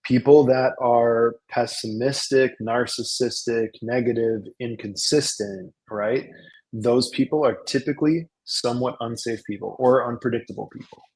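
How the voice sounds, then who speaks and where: A man with a mid-range voice talks through a business lesson in a relaxed webinar conversation. He tells stories with animated, acted-out dialogue. He often repeats and restarts his words. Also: medium pitch, normal speed, rough recording. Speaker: salon business coach. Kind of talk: casual webinar talk.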